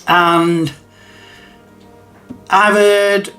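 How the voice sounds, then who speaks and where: A man's voice: high voice, level tone, drawn-out words, pushed and bright, faint music behind. A man hosts a retro gaming channel and talks casually to camera, rambling and hesitant, with many restarts and chuckles.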